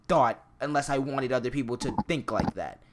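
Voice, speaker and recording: A man's voice: medium pitch, animated, moderate pace, background noise. A man streamer in casual chat, rambling with many fillers and restarts.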